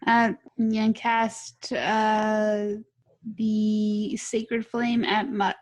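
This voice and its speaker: A woman's voice: medium pitch, flat delivery, extremely slow. A woman playing a tabletop game, hesitant and self-mocking, with ready laughs. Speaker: player.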